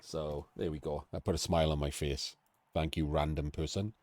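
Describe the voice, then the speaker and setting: A man's voice: extremely low pitch, fairly even intonation, moderate pace, a little mellow, dry recording. A middle-aged man in a chatty, rambling game-analysis commentary who often breaks off and restarts his sentences. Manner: rambling, chatty, self-interrupting.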